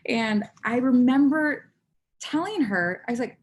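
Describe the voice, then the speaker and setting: A woman in her thirties giving a candid personal talk to an audience, acting out her own inner voice in lively bursts. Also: on the high side, moderate pace, a little hiss or hum. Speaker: conference speaker.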